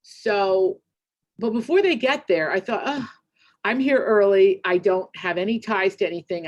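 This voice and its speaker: A middle-aged woman giving a keynote speech, telling a story in a chatty, rambling, animated way with quick asides. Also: lowish voice, muffled recording. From United States. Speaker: keynote speaker.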